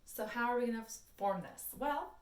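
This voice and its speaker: A young adult woman teaching a Latin lesson in a chatty, animated way, with sing-song recaps. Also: on the high side, normal speed. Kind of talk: classroom video lesson. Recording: echoey room, mic at a distance.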